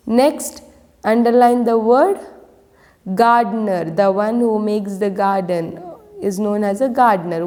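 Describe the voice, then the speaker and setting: Her voice on the high side and a little mellow, a woman teaching primary school English runs an online class. She poses lots of questions slowly and clearly, and the echoey room adds long reverb.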